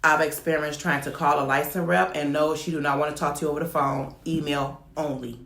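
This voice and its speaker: A woman's voice: low-pitched, steady tone, brisk, a bit bright, echoey room. A woman who runs a home child care business, talking frankly to the camera and telling her stories with emphasis. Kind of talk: candid talk-to-camera advice.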